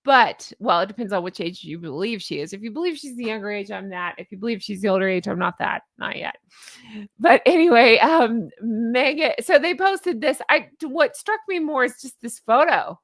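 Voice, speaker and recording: A woman's voice: on the high side, animated, normal speed, no echo, clean studio sound. A woman in her forties giving casual commentary as a vlogger, sarcastic and exasperated, often laughing. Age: 40s.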